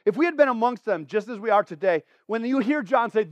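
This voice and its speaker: A man preaching a sermon, animated, swinging between hushed tones and loud exclamations as he acts out scripture. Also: high voice, quick pace, no room sound, lo-fi sound.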